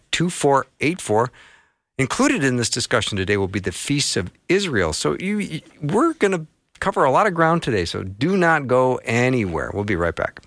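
A man's voice: medium pitch, a bit bright, no echo. A man hosting a Christian talk radio show from a studio, folksy and joking. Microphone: studio microphone.

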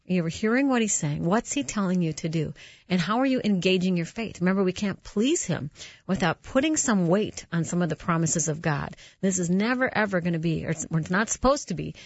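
A woman's voice: lowish voice, expressive, brisk, gravelly, husky, no room sound. A woman hosting a Christian radio talk show, telling personal stories in an earnest, conversational way with restarts. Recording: dull, slightly muffled radio audio.

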